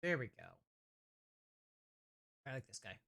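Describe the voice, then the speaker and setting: A man's voice: mid-range voice, animated, measured pace, sharp tone. A man streaming and chatting casually with his viewers, easygoing and rambling.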